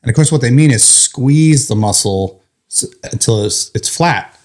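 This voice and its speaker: Speaking at a moderate pace with a medium-pitched voice, a male firefighter tells an interviewer a story. He's animated, laughs through the comic moments, and swears without a second thought.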